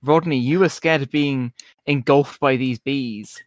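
A man's voice: mid-range voice, measured pace, no room sound, clean studio sound. A man narrating as game master in a casual, rambling way, full of "like" and filler words. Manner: rambling, filler-heavy, giggly.

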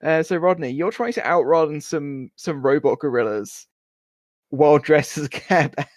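A man's voice: fairly high pitch, moderate pace, no room sound, clean studio sound. A man narrating as game master in a casual, rambling way, full of "like" and filler words. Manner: rambling, filler-heavy, giggly.

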